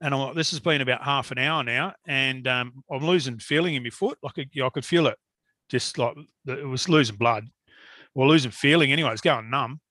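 A man telling a long story in casual chat, animated and swearing freely. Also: medium pitch, a little fast, no echo.

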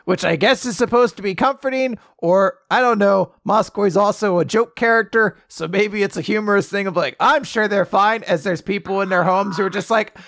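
A young man with a fairly high voice talks casually as a podcast co-host, recapping a show and slipping into goofy voices for the characters. The sound is close and dry, with no room around it. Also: brisk, vocal fry, hardly any pauses, a bit bright, no room sound. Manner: jokey, acts out quoted lines in silly voices. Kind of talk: casual chat.

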